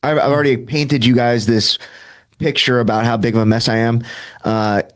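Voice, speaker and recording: A man's voice: mid-range voice, level tone, normal speed. Candid man telling his recovery story. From Southern California. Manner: casual, self-deprecating, filler-heavy, acts out quoted dialogue.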